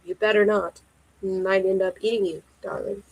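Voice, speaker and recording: A woman reading the lines of a teasing adult man in a soft, murmured delivery. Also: mid-range voice, little pitch movement, normal speed, lightly acted, low-quality recording. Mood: low teasing.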